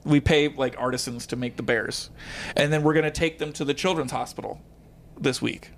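A man casually telling an animated stand-up story, acting out quotes and using lots of fillers. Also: medium pitch, fairly quick, slight background noise. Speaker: guest comedian.

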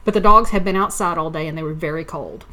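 A woman's voice: sits low, fast talker, pushed and bright. A woman co-hosting a casual podcast, telling chatty stories and laughing often. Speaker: podcast co-host. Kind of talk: casual chat.

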